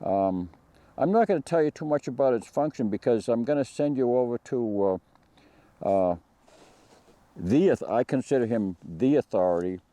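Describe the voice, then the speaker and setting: A gun channel host with a medium-pitched, animated, dark-toned voice reviews a rifle at a moderate pace, with no echo. His casual spoken review rambles, full of fillers and restarts.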